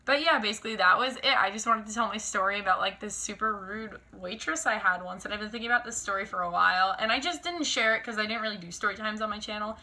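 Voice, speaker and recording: A young woman vlogger telling a storytime in a casual, animated, exasperated way, full of fillers. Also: medium pitch, fast, few pauses. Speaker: lifestyle vlogger.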